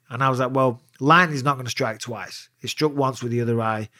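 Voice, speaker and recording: Bright, profane man telling stories. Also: mid-range voice, brisk, few pauses, no room sound, studio quality. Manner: profane, animated storyteller. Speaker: guest, retired fighter. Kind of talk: casual storytelling interview.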